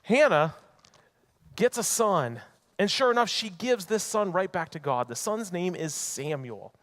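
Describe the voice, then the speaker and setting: A man's voice: high-pitched, lively intonation, unhurried, a bit bright. A man preaching a sermon in a church, telling a Bible story conversationally and acting out the characters' lines. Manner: storytelling with acted-out voices, conversational asides. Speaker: pastor. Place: church sanctuary.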